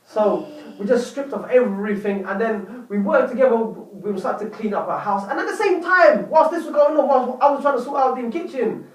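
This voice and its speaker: Animated storytelling man in an echoey room. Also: extremely high pitch, moderate pace, recorded from a distance. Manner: animated, dramatic retelling with repeated "lo and behold". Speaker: vlogger. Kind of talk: casual storytelling to camera.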